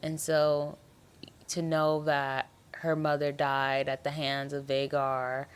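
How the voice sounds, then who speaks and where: A woman's voice: sits low, completely flat delivery, slow, clear, resonant tone. A young woman hosting a podcast, recapping a TV episode in casual, slangy and emotional chat. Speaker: podcast host.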